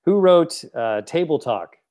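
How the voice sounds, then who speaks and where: A man's voice: a little high, lively intonation, a little slow, darkish tone. A man hosting a quiz game, teasing and laughing often as he reads the questions. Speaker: host running a quiz game.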